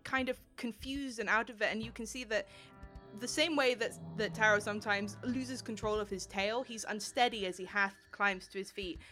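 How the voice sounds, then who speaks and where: A woman narrating a tabletop game as game master, describing scenes in an unhurried way. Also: medium pitch, steady tone, sharp tone, faint music behind.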